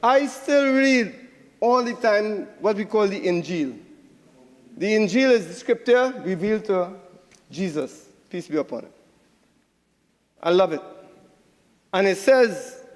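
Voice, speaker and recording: A man's voice: high-pitched, in a large hall. A man with a Trinidadian accent giving a combative senate debate speech, repeating phrases for emphasis. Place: senate chamber.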